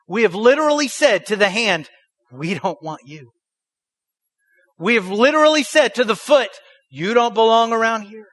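Emphatic high-voiced male pastor preaching. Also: lively intonation, normal speed, fairly bright tone, no echo, clean studio sound. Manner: emphatic, rhetorical questions, leads the congregation in repeating lines. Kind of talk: sermon.

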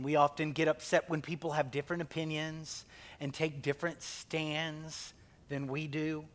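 A man's voice: a little high, fairly bright tone. A male pastor preaching a conversational sermon, asking the congregation questions and acting out quotes.

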